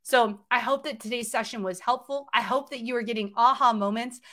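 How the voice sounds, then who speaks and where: A woman speaking in a fairly high voice, pushing hard with repeated, urging phrases. She delivers a motivational sales pitch on a livestream. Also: a little fast, sharp tone. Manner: emphatic, repetitive, urging. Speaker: livestream presenter.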